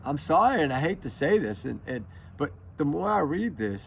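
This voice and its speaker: Exhausted guy rambling on his channel, gravelly voice, keeps repeating himself, kinda muffled lo-fi audio. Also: fairly high pitch, very animated, moderate pace, slight background noise. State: exhausted from lack of sleep. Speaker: true crime commentary channel host. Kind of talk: casual opinion monologue to viewers.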